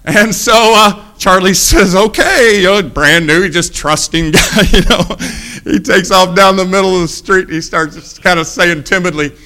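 A middle-aged male preacher telling a story in a sermon, animated and breaking into loud shouts. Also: high-pitched, normal speed.

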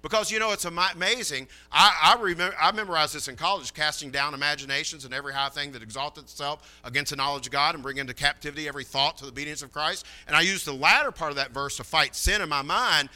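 A man's voice: on the high side, fast talker, few pauses, bright, forceful tone. A man preaching a sermon in a folksy, chatty way, telling a story and acting out the dialogue.

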